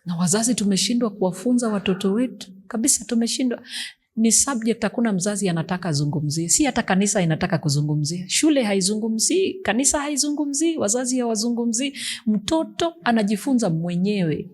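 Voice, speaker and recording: A woman's voice: medium pitch, animated, quick pace, a little mellow, breathy edge. A woman pastor, preaching an emphatic sermon that mixes English and Swahili.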